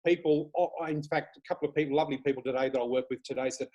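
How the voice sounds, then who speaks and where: A man with an Australian accent, a guest chatting casually, telling lively stories and laughing often. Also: fairly high pitch, fast, few pauses. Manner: animated storyteller, laughs often, swears casually. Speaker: guest, flower reader. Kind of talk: casual chat.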